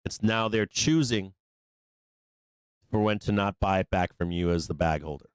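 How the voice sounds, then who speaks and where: A man hosting a live stock market show, talking through trades in a loose, profane, excitable way. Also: low voice, normal speed, clean tone, no room sound. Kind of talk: live trading commentary.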